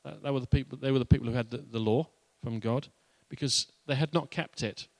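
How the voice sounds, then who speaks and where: A man's voice: mid-range voice, fast talker, no room sound. Playful, conversational male preacher. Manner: conversational and playful, with laughs and asides. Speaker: pastor. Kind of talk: sermon.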